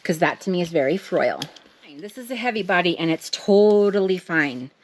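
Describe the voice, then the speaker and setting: A woman's voice: on the low side, animated, normal speed. A middle-aged woman, chatting casually and joking at her own expense as she makes art. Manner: chatty, self-deprecating, talks to herself while working. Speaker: craft vlogger. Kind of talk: casual chat while making art.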